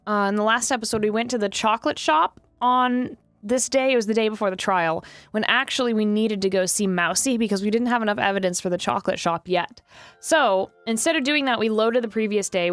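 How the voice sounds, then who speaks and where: A woman's voice: mid-range voice, fairly quick, a bit bright, dry recording, faint music behind. A woman hosting a let's play, chatty and explaining the game as she goes. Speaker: host.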